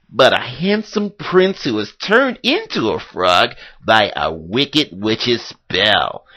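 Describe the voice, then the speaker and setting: A man's voice: medium pitch, bright, forceful tone, slightly rough, voice pushed up, heavily acted. A man voicing a pitiful male frog who claims to be an enchanted prince, speaking in a sad, pathetic whine.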